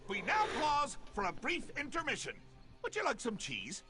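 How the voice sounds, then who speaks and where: A man's voice: extremely high pitch, wildly swooping pitch, normal speed, bright, forceful tone, faint music behind, heavily acted. An actor playing a gleeful, theatrical male court jester in a video game, announcing and mocking like a showman.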